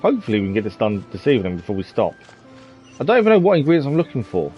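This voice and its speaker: A man's voice: mid-range voice, wildly swooping pitch, rapid-fire, soft background music. Casual, laid-back male streamer talking over gameplay; dull, lo-fi sound. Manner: chatty, self-deprecating, laughs often. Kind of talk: casual live-stream commentary.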